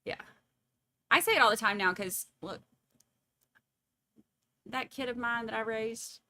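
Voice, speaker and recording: A woman's voice: on the high side, unhurried, pushed and bright, no echo. A woman, chatting casually and laughing as she reads viewer comments at home. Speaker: livestream host.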